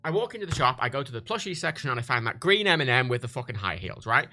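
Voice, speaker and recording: A British man livestreaming in loose, crude chat that keeps doubling back on itself. His voice swings widely in pitch, and his tone is bright and forceful. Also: very animated, quick pace. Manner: rambling, crude, self-interrupting.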